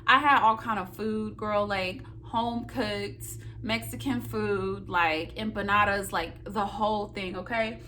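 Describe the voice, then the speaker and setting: A young woman telling a story on her vlog, animated and dramatic, talking straight to her viewers and acting out her own loud high-pitched reactions. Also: a little slow, hardly any pauses, slight background noise. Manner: talks straight to viewers, calling them y'all. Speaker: nursing student vlogger.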